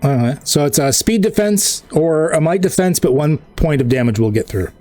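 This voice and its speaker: A man's voice: on the high side, lively intonation, moderate pace, warm tone, no room sound. A man running an online tabletop game as game master. He explains the rules patiently and thinks aloud.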